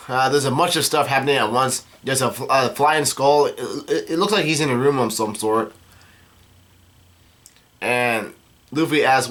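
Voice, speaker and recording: A man casually recapping a comic chapter, halting with many fillers and restarts. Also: medium pitch, a bit bright.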